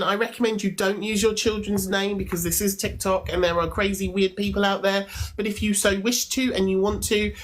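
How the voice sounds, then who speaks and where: Woman, mid-pitched voice, live-stream host, friendly, organised. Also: poor audio. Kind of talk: hosting a live call-in chat.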